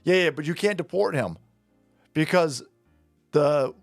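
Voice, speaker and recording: Flustered male judge, protesting objections, put on by a male commentator, slightly raised pitch. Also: creaky, dry recording, clean studio sound, faint music behind. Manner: protesting, rapid repeated objections.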